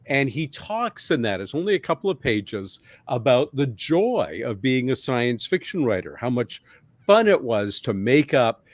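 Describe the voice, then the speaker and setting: A middle-aged man from Canada, the guest author on a podcast, telling stories in a lively way. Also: medium pitch, measured pace, no echo. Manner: lively storytelling. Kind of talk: podcast interview.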